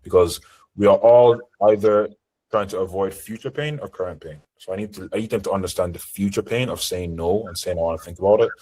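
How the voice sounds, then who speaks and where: A sales trainer with a deep, warm voice speaks fairly quickly in a live seminar held on an online group call. The audio is poor, and his coaching style is direct and assertive.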